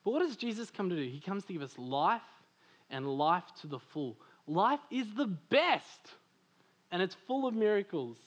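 A man from Australia preaching a sermon, animated and full of stories, laughing often and saying "like" a lot. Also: high-pitched, a little fast. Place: church service.

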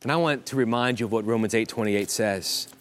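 A man preaching a sermon as pastor of his church, in an earnest way with halting restarts and emphatic repetition. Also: lowish voice. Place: church auditorium.

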